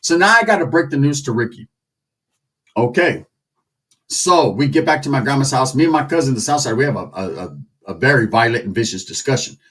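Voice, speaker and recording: Animated, husky-voiced male storyteller. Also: medium pitch, fairly quick, recorded from a distance. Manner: animated, crude, slang-heavy. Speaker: comedic storyteller. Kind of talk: comedic storytelling.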